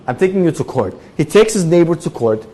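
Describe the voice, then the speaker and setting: Guy teaching a torah class, tells the story big, voice jumps way up when he does the characters, kinda high voice. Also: brisk. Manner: animated storyteller, acting out characters with big jumps in pitch and loudness. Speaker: rabbi giving a Torah class.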